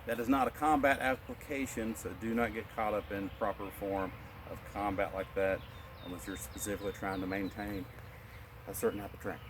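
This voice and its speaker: Calm man cueing breaths in a qigong lesson. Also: fairly low pitch, brisk, background noise. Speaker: martial arts instructor.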